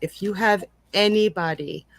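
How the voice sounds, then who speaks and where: A woman giving live psychic readings in a gentle, reassuring and emotional way. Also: medium pitch, moderate pace, creaky. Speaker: psychic reader. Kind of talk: live online reading, casual chat.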